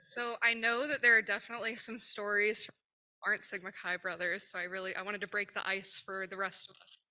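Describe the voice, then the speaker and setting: A young woman sharing a fond, gently teasing memory at a memorial gathering. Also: mid-range voice, level tone, a little fast, rough recording. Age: young adult. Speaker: speaker at a memorial.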